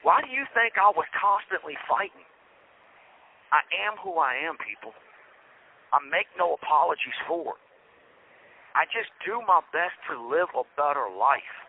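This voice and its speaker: A man hosting a podcast from prison, talking bluntly and defiantly with slang. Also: on the high side. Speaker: podcast host. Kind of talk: podcast monologue. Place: prison, recorded by phone. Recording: tinny prison phone line.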